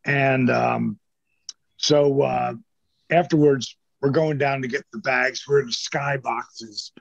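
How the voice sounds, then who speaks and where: Gravelly older man telling wrestling stories. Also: medium pitch, unhurried, pauses often, no echo. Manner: animated anecdotes with profanity, acts out quoted voices. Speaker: interview guest, former wrestler. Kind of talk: casual storytelling. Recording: dull lo-fi sound.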